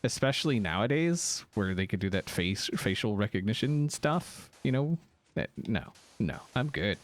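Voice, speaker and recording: Low, lively man with a sick voice. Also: normal speed. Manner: chatty and rambling, with frequent ums and easy laughs. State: slightly sick voice with a lingering cough. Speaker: game streamer. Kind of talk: casual livestream chat answering viewers.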